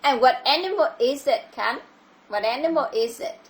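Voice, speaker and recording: Over a video call, a woman with a Vietnamese accent teaches a child English, patiently asking her questions again and again. Her voice is high and lively in intonation, and she speaks at a normal speed.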